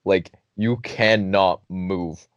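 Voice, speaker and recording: A young man hosting a podcast, telling a story in a casual, animated way, often laughing, swearing and acting out his friends' lines. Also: low voice, drawn-out words, clear, resonant tone, no echo. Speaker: podcast host. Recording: dull dry lo-fi recording.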